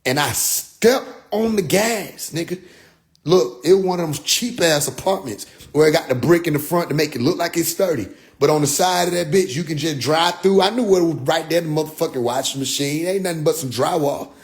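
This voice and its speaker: Young man telling a profane story. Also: fairly quick. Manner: profane, animated, swings between loud outbursts and low asides. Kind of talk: casual personal storytelling.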